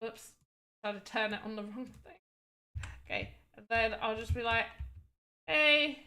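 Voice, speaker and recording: A woman's voice: fairly high pitch, flat delivery, normal speed, fairly bright tone, slight background noise. A woman streaming as she builds a game, thinking aloud and exclaiming at what happens on screen. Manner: thinks aloud while testing her game. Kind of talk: casual live-stream chat.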